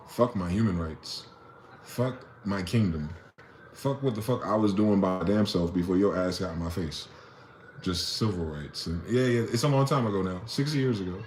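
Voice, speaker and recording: Low-voiced guy going off on a rant, swearing a lot, lots of echo in the room. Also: lively intonation, measured pace, a little mellow, slight background noise. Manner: heated, profane, full of rhetorical questions. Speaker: vlogger. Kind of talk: impassioned solo rant. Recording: echoey room.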